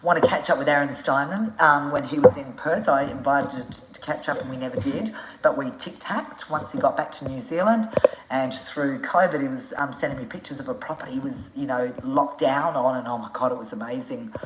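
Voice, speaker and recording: Frank, chatty Australian woman on a live stream, very deep voice, roomy echo. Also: brisk, heavy background noise. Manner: frank and chatty, swears freely, laughs often. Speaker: adventure motorcycle traveller answering viewer questions. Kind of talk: casual live-stream chat.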